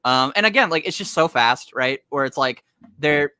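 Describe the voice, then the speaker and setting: A man's voice: on the high side, expressive, normal speed, bright, forceful tone, clear, resonant tone, dry recording. A man co-hosting a casual comics chat, rambling with lots of filler words and frequent laughs. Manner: rambling, heavy use of "like" fillers; laughs often. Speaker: comic podcast co-host.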